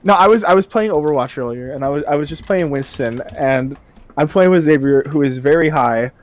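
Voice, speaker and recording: A man co-hosting a podcast, telling an animated story in casual chat, laughing often and swearing. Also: a little high, a little fast. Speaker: podcast co-host.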